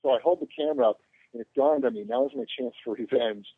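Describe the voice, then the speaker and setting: A man with a fairly high voice whose pitch swoops wildly talks fast, with vocal fry and a breathy edge, over a dry, tinny phone line. He's a convention organizer guesting on a casual podcast chat, spinning long, rambling anecdotes full of self-mocking jokes.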